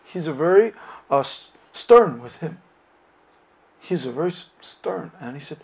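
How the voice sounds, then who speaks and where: Man, Buddhist teacher, lecture, hesitant with fillers, animated storytelling, fairly high voice, gravelly. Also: unhurried, long pauses. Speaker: dharma teacher.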